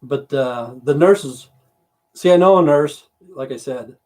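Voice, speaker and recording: A man's voice: medium pitch, slow pace, darkish tone. Rambling profane man on a livestream. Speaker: livestream host. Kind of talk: casual livestream rant. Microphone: computer mic on a livestream.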